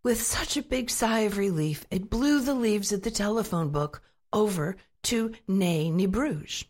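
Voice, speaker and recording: A woman reading a children's storybook aloud in an expressive, lively way. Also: medium pitch, unhurried. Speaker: narrator.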